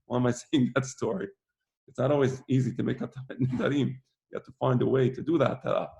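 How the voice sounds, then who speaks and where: Brief: male teacher, gravelly mid-pitched voice, relaxed lecturing, repeats himself for emphasis. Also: quick pace. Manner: conversational, repeats phrases for emphasis. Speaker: rabbi teaching a weekly class. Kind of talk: informal lecture.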